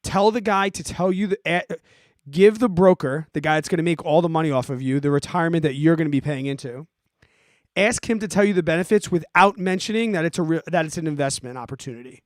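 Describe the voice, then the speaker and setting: A forty-year-old man hosting a podcast, ranting in an animated, exasperated way and giving casual advice to listeners. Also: on the high side, quick pace, no room sound, clean studio sound. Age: 40s. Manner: animated, exasperated, emphatic, swears. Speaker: podcast host answering listener questions.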